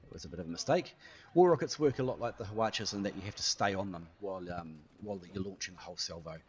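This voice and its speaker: A man talks through his gameplay as it happens, chatty and playful, tossing in little sound effects. His pitch swings widely and his delivery stays lively. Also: quick pace, slightly rough. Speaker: gaming YouTuber. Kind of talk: live gameplay commentary.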